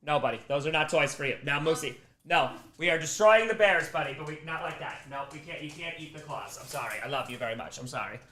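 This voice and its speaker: A man's voice: on the high side, lively intonation, fast, hardly any pauses, a bit bright. A man hosting a charity livestream from home, chatting casually, fondly scolding his dog and thanking donors. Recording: roomy echo.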